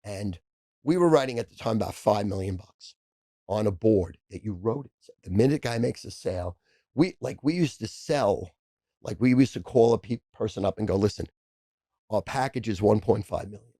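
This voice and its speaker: A gravelly, husky man in his sixties spins rapid-fire, profanity-packed stories as a podcast guest. his voice is low and dark, and it sounds dry and close to the mic. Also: expressive, no echo. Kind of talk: casual storytelling.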